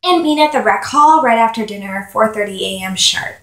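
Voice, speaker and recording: A woman's voice: medium pitch, animated, fairly quick, a bit bright. A woman reading the lines of a snide teenage girl who leads a clique, in an echoey room.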